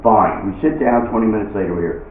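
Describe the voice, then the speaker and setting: A man's voice: lowish voice, fast. Echoey far-off stand-up comic man. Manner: chatty, punchy, acts out the scenes. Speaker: stand-up comedian. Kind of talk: live stand-up storytelling. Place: live venue with an audience. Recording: echoey venue, distant phone-like mic.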